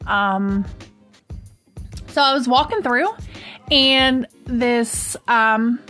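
A woman's voice: a little high, very slow, bright, forceful tone, soft background music. A woman hosting a podcast, telling a personal story in a casual, rambling way full of "um" and "like". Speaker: podcast host.

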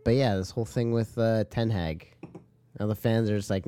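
A man co-hosting a podcast, bantering in a jokey, animated way. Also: lowish voice, moderate pace, smooth, dry recording. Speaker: podcast co-host. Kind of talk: casual chat.

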